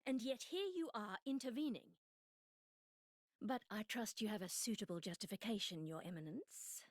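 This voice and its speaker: A woman voicing a poised ruler at a peace summit, speaking in a measured, pointed way. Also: mid-range voice, lively intonation, no echo, studio quality, natural voice.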